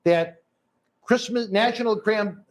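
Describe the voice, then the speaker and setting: A man's voice: high-pitched, slow. A man hosting a live interview, joking around and plugging upcoming events in a promo style. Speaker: host.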